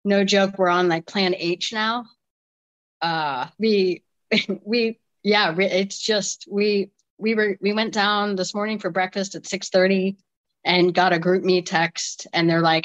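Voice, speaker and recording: A woman's voice: medium pitch, steady tone, takes it slowly, highs cut off. A woman in her forties, a deaf soccer player from the United States, chatting in an interview and telling stories animatedly with frequent restarts and laughter. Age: 40s. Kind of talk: casual interview chat.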